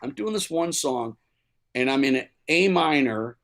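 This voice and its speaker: A man's voice: medium pitch, animated, measured pace, vocal fry, fairly bright tone. A man from Chicago, a musician guest, telling stories in a casual interview with many fillers and restarts.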